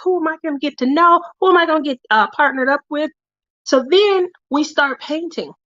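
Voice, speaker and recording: A woman's voice: high-pitched, fairly quick, fairly bright tone, dry recording, dull audio. A woman hosting a casual crafting livestream who tells stories in a chatty way and laughs often. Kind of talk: casual chat while crafting.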